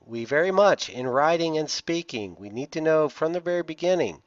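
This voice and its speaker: A man's voice: fairly high pitch, animated, normal speed, hardly any pauses, pushed and bright, no room sound. Southern guy teaching a class, leans hard on key words, lots of uh, dull dry recording. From Southern United States. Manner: emphatic, stresses key words, frequent "uh". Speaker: instructor. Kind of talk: lecture over slides.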